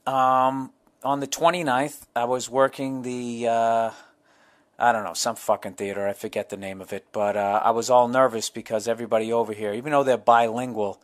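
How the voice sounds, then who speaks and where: A man's voice: mid-range voice, little pitch movement, normal speed. A middle-aged man, hosting a solo podcast, telling profane, rambling comic stories. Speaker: podcast host.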